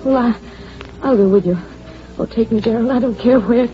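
An actress playing a sharp-tongued female secretary torn between love and hatred for her boss, in 1940s radio acting on a dull lo-fi old radio recording with faint music behind. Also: a little high, normal speed, close to an everyday voice. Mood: pleading.

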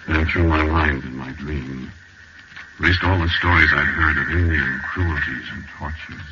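A man's voice: extremely low pitch, fairly even intonation, a little slow. A man narrating a 1940s radio drama in the first person, telling a frightening dream with tense, dramatic delivery. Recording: hissy, muffled old radio recording.

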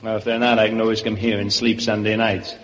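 A man from Brooklyn, a guest comedian trading quick wisecracks and laughing at his own jokes in 1940s radio banter. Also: fairly low pitch, little pitch movement, lo-fi sound. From Brooklyn, New York. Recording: hissy old radio broadcast with reverb.

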